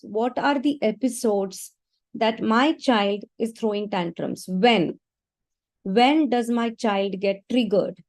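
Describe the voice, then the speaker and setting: A woman's voice: fairly high pitch, a little mellow, no room sound. Earnest woman coaching parents online. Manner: earnest, instructive, speaks to parents directly. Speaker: parenting workshop speaker. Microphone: video call.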